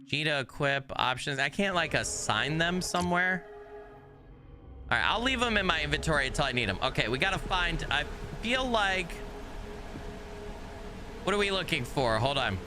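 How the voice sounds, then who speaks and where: A man talks through a live game stream with a lively, fairly high voice that keeps jumping up and down. He chats loosely, thanks viewers, swears freely and now and then breaks into high, panicky yelling. Steady game noise runs clearly under his voice. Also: normal speed, pauses often. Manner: chatty, swears a lot, yells in bursts of high-pitched mock panic. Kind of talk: live gameplay commentary.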